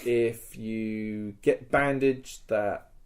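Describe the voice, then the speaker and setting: A man's voice: on the low side, fairly even intonation, drawn-out words, darkish tone. A man co-hosting a podcast, telling a battle story in casual chat, acting out the quotes and swearing freely. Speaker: podcast co-host.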